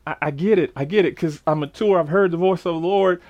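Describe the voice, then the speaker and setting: A man preacher voicing an elderly male priest who speaks in a hushed, halting way. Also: on the high side, voice pushed down, natural voice.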